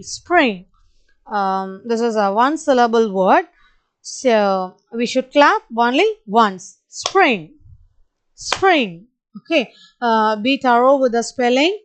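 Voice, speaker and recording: Female schoolteacher, Indian English accent, high voice, very slow and patient, spells and repeats words for children. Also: expressive. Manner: kind, patient, addresses kids directly. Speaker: primary school teacher. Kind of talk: online spelling lesson for children.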